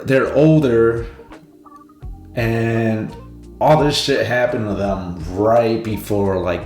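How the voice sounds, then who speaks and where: A man with a low voice gives slow, rambling, profane commentary. His voice echoes in a roomy space, and faint music plays underneath. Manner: rambling, laid-back, profane. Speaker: reaction video host. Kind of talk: casual commentary.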